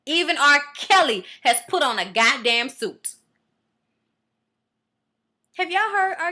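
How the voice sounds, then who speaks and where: A woman reviewing a reality show episode, speaking in a blunt, profane, opinionated way. Her voice sits high and sounds bright. She keeps it casual, like a vlog chat with her viewers. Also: sing-song, takes it slowly, pauses often.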